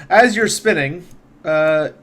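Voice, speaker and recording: A man narrating a tabletop game as game master, relaxed, with frequent fillers. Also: fairly high pitch, takes it slowly.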